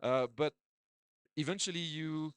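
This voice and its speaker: A man's voice: fairly high pitch, unhurried, fairly bright tone, clean tone, no echo. A man, a doctor, giving a conference talk with slides, chatty, with many restarts and repeated words. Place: conference hall.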